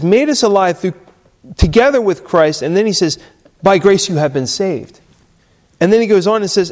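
A pastor delivering a sermon in a notably high voice. He speaks slowly and deliberately, leaning on key phrases and letting them fall to a hush. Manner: slow, emphatic preaching with dramatic drops in volume.

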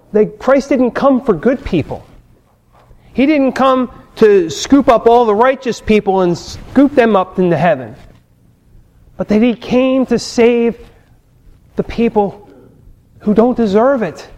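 A man preaches from the pulpit in a fairly high voice. He tells personal stories and leans hard on repeated phrases. The delivery is emphatic and full of conviction. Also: a little mellow. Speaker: pastor. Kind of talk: sermon.

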